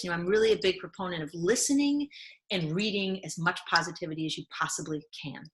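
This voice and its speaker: A woman's voice: fairly low pitch, fast talker. A woman lifestyle coach, a podcast guest, talking earnestly and reflectively, acting out the voices in her head. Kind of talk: conversational interview.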